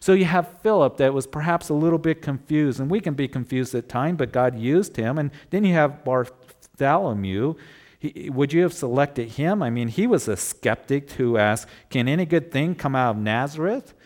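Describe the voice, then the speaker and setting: A man's voice: mid-range voice, expressive, normal speed, a little mellow. Man preaching a conversational sermon. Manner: conversational preaching with rhetorical questions. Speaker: pastor.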